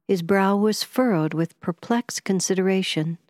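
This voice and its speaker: A mid-range female voice narrates an audiobook, expressive yet measured in her storytelling. It's a dry recording with clean studio sound.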